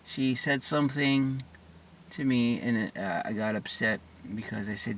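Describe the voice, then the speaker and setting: A man talking through his own marriage struggles in a halting, reflective monologue, full of restarts and soft asides. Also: mid-range voice, distant mic, a little hiss or hum. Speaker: vlogger sharing personal experience.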